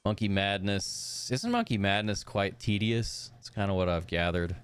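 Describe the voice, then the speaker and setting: A man's voice: lowish voice, normal speed, clear, resonant tone, no echo, soft background music. Chatty young man streaming a game. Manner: upbeat and chatty, talks to his chat. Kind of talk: casual live gameplay commentary, reading game dialogue aloud.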